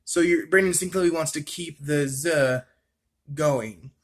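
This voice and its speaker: A man's voice: a little high, unhurried. A man vlogging casually to camera, rambling and chatty, laughing at himself as he repeats tongue twisters over and over.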